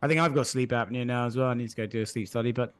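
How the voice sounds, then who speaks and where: A man's voice: mid-range voice, fairly even intonation, racing, clean tone. Teasing man, dry storyteller. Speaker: podcast co-host. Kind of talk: casual chat.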